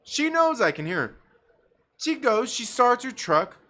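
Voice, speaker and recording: A man hosting a live stream, telling a profane, animated story in a casual rant with bursts of laughter. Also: very high voice, measured pace. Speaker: livestream host.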